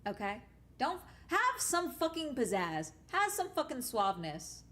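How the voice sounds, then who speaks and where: A young woman talks to her stream in casual chat. She is blunt and swears freely. She tells her stories in an animated way, stopping often to check in with her listeners. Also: high-pitched, measured pace. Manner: blunt and profane, animated storytelling.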